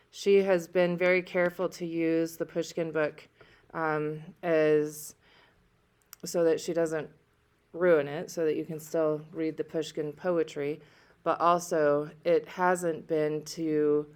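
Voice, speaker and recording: A woman teacher reading a novel aloud to students and pausing to discuss it, checking in as she goes. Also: sits low, darkish tone, clean tone.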